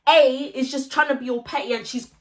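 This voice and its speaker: A young woman, telling a story-time vlog in an animated, slangy way and acting out the voices of the people in it. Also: high-pitched, brisk. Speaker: vlogger.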